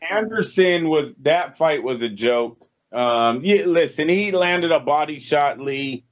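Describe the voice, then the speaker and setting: A man's voice: a little high, lively intonation, slow pace. A man co-hosting a casual boxing podcast, giving blunt, profane opinions. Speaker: podcast co-host. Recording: lo-fi podcast audio.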